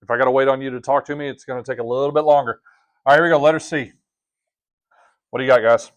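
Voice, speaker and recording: A male math teacher running a classroom lesson at a middle pitch. He keeps it casual and joking and keeps asking the class questions. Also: steady tone, fast talker.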